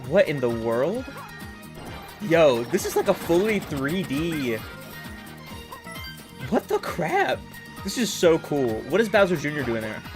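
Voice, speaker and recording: A man's voice: on the high side, moderate pace, over music. Hyped young man reacting on stream. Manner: excitable, loud bursts of hype and laughter. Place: home room.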